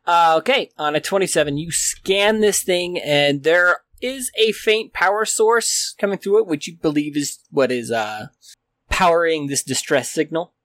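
A man running a sci-fi tabletop game as game master, describing scenes in a relaxed, hesitant way. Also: on the high side, normal speed, no echo.

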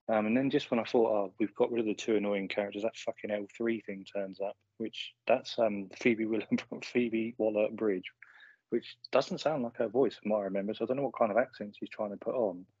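A man's voice: lowish voice, a little mellow, slightly rough, dry recording, muffled recording. A man co-hosting a film podcast, laid-back and sweary in casual chat. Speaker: podcast co-host.

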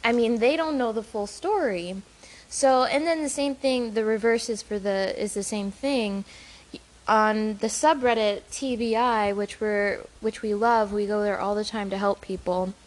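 A woman's voice: medium pitch, unhurried, low-quality recording. A woman co-hosting a casual talk show as a caregiver. She speaks earnestly and laughs easily while covering a hard subject. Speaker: podcast co-host and caregiver. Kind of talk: casual conversational chat.

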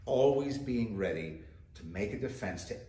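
Animated pastor preaching in an echoey room. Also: male voice, on the low side, normal speed. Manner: conversational, asks the listeners direct questions. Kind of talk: sermon.

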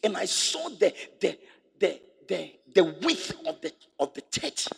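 A middle-aged man preaching in a Ghanaian English accent, his voice sitting high and swinging widely in pitch. He hammers points home by repeating them and climbs into shouts when he challenges the congregation. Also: very animated, measured pace, gravelly, long reverb tail. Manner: emphatic preaching, repeats phrases, rises to shouts. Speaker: bishop and pastor. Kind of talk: sermon.

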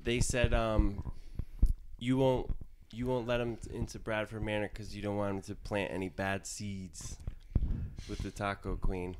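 A man's voice: on the low side, little pitch movement, unhurried. A man in crude podcast banter, dry and mocking. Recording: noisy recording.

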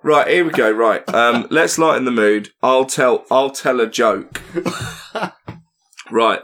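A man's voice: medium pitch, slow pace, a bit bright. A man co-hosting a podcast, joking, laughing and swearing freely in casual chat. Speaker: podcast co-host, comedian.

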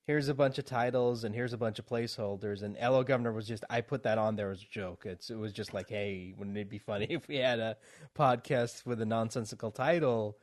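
A man's voice: on the low side, fairly even intonation, a little fast, no echo. Guy hosting his podcast, rambly, laughs a lot, lots of ums. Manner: rambling, laughs often, many fillers. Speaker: podcast host. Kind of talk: casual chat.

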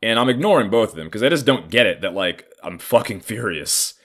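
A man's voice: on the low side, animated, a little fast. A man in his thirties telling a personal story in a casual, heated and profane way. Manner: profane, heated, acts out others' lines.

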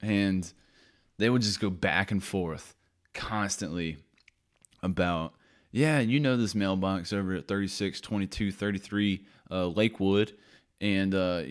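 A man's voice: low voice, clear, resonant tone. A man hosting his own podcast in a casual, rambling monologue, often interrupting himself with offhand asides. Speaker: podcast host.

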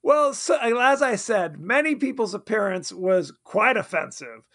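Casual high-voiced male podcast cohost, laughy rambling recap. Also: expressive, measured pace, a bit bright, husky. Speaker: podcast co-host. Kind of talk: casual movie-recap chat.

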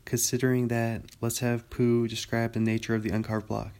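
A man reading a storybook aloud as the narrator. His delivery is calm and level, with little rise or fall in pitch. His voice sits at a middle pitch for a man. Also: moderate pace, few pauses. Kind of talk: audiobook narration.

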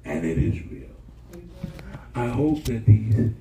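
A man's voice: mid-range voice, big pitch swings, slow, a little hiss or hum. An older man preaching a sermon as pastor, colloquial and emphatic, with call-and-response lines to the congregation. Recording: echoey room with loud guitar music.

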